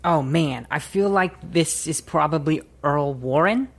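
A man co-hosting a casual podcast, playing along in a trivia round. He sounds eager and sure of himself and answers quickly. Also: a little high. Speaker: podcast co-host and trivia contestant.

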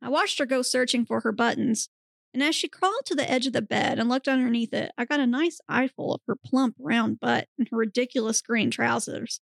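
Gravelly woman narrating a comic reading. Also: on the high side, brisk, dry recording, clean studio sound. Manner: straight-faced narration, breaks into giggles. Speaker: podcast host narrating. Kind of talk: comedic reading of erotic fiction.

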